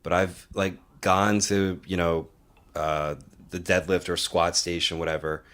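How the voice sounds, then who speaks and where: Very deep-voiced laid-back man. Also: little pitch movement, measured pace, fairly bright tone. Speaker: podcast co-host. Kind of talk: casual podcast chat.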